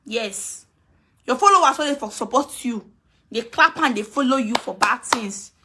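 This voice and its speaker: A woman's voice: fairly high pitch, expressive, normal speed, pushed and bright, slightly rough. Taunting woman in Nigerian Pidgin. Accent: Nigerian Pidgin English. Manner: scolding, taunting, repeats herself. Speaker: live video streamer. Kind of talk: heated live video rant.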